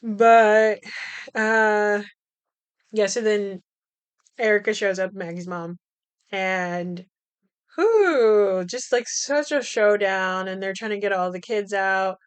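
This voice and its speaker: A woman with a smooth, resonant voice at an ordinary middle pitch. She hosts her own podcast and recaps a film from memory in loose, rambling chat, swearing freely and laughing as she corrects herself. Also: slow, pauses often. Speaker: podcast host.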